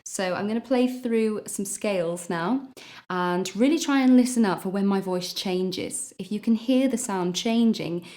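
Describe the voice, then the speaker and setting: A woman's voice: medium pitch, darkish tone. A woman teaching a singing lesson, explaining patiently and stopping to demonstrate notes with her voice. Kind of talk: vocal lesson.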